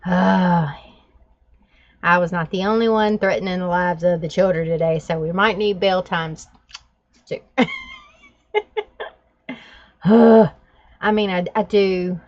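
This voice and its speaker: A woman's voice: on the low side, steady tone, slow, long pauses, darkish tone. A woman vlogging, telling a story with laughs and then walking through a drawing tutorial in casual chat. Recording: dull lo-fi sound.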